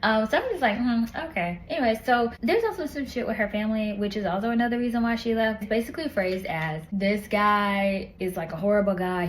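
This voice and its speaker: A woman reviewing a book in casual, animated chat, retelling the plot with slang and lots of asides. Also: medium pitch, slight background noise, poor audio.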